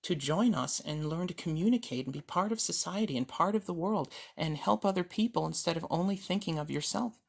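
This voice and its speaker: A man's voice: a little high, fairly quick, vocal fry, hardly any pauses. A man playing a condescending male psychiatric doctor who lectures a patient, in an amateur one-man reenactment. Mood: lecturing. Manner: lecturing, scolding, bureaucratic.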